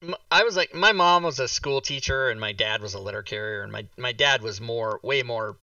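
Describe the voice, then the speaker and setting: A man hosting a casual talk show stream, telling stories in a lively, joking way. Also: mid-range voice, fairly quick, dry recording, far from the mic, dull audio. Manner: storytelling, animated, jokey. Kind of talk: casual livestream chat.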